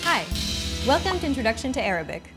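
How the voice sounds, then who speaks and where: A woman's voice: on the high side, sing-song, fast talker, loud music behind the voice. Upbeat woman teaching a language lesson. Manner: upbeat, coaching tone. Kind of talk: scripted lesson presentation.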